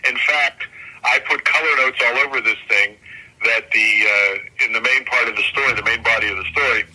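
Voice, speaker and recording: An older comic artist, a guest in an interview, talks casually and enthusiastically, rambling, correcting himself and often restarting his sentences. His mid-range voice has a sharp tone at a moderate pace, and the recording is rough.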